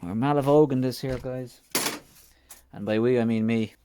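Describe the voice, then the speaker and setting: Over a noisy background, a man with a medium-pitched voice talks at a moderate pace as he fixes a motorcycle in his home workshop. The restoration vlogger mutters to himself close to the mic, poking fun at himself while he works.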